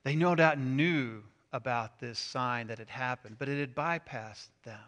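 Animated bright-voiced male preacher. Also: mid-range voice, a little slow. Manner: animated, swings from loud emphasis to hushed asides. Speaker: pastor. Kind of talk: sermon.

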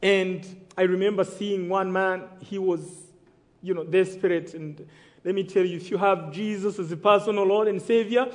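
A Rwandan man delivers a sermon testimony, speaking emphatically, calling for amens, and acting out the quoted dialogue in his story. His voice sits high, slightly mellow and steady, at normal speed, with long hall reverb.

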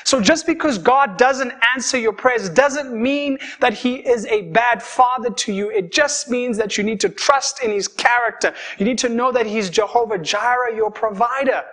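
A young man preaching a sermon, telling stories in a conversational, lively way. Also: very high voice, moderate pace, few pauses.

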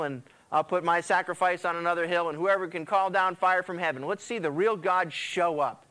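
Male pastor, sermon, smooth clear voice, animated storytelling. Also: high-pitched. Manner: animated storytelling preacher, acts out quotes.

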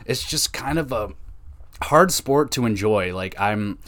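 A man's voice: lowish voice, lively intonation, unhurried, fairly bright tone. A young man from Canada hosting a casual solo hockey podcast, ranting with exasperation and plenty of swearing. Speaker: podcast host.

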